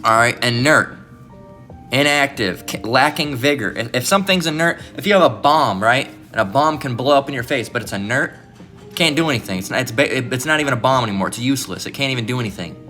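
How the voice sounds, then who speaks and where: A man's voice: mid-range voice, expressive, fast, pushed and bright, faint music behind. A man giving informal, blunt preaching commentary, often restarting and asking "all right?".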